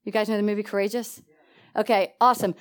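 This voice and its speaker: A woman preaching a sermon in an animated way, with laughing asides and questions to the congregation. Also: mid-range voice, fast talker.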